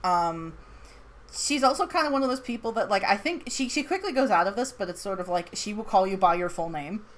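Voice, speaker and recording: Giggly woman with a lively voice. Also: mid-range voice, brisk. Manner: giggly, animated, quotes characters in voices. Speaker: tabletop game player. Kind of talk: casual chat.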